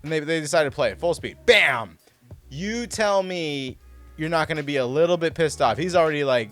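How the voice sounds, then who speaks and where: A man hosting a casual commentary over replay footage, talking in an excitable, rambling way with lots of restarts. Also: a little high, moderate pace, soft background music. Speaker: host breaking down baseball clips.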